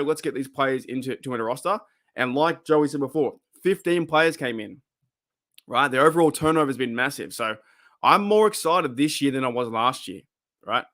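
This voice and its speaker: A man's voice: medium pitch, a bit bright. A man with an Australian accent, chatting casually on his own show in a small home room into a desktop microphone, rambling and restarting his sentences. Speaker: podcast host answering fan questions. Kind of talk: casual solo chat. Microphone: desktop USB microphone.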